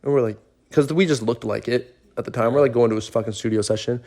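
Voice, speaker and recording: A man's voice: medium pitch, fast talker, a little mellow. A young man with a Canadian accent, a podcast guest telling stories in loose, profane casual chat full of fillers. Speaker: guest, rapper.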